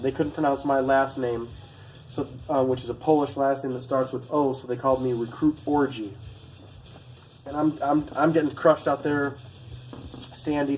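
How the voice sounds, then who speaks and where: A former Marine recruit telling a story to camera in a casual, rambling, profane way, full of asides. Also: male voice, mid-range voice, darkish tone, rough recording.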